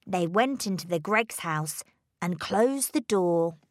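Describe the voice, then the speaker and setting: A woman narrates a children's storybook. She reads very slowly and deliberately, with a lively, animated pitch. The recording is close and dry. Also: no echo. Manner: slow, careful, expressive read-aloud delivery.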